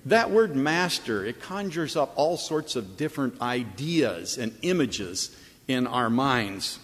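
A male pastor delivers a sermon in a chapel, his voice carrying with a long reverberant tail. He moves between relaxed storytelling and emphatic, repeated phrases. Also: medium pitch, slow pace.

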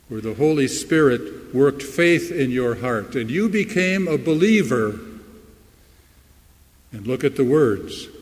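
Slow-preaching man in a reverberant hall. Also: medium pitch. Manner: slow, emphatic preaching with dramatic pauses and swells. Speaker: pastor. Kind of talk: sermon.

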